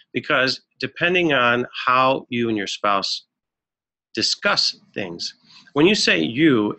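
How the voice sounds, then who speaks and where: A man presenting a marriage webinar as a counselor, earnest and instructive, often pausing with fillers. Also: mid-range voice, pushed and bright. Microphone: webinar microphone.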